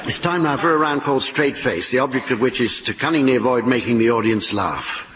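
A man's voice: mid-range voice, a little fast. A man chairing a comic panel game in front of a live theatre audience, announcing rounds in a dry, mock-formal manner. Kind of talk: comic quiz hosting. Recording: live theatre recording, loud audience noise.

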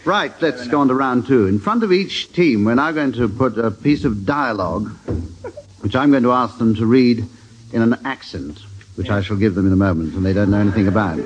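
A man's voice: lowish voice, fairly quick. Dry, mock-formal panel game chairman. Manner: dry, mock-formal, chuckling at his own lines. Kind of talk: comic radio panel-game hosting. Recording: dull, very noisy old radio recording.

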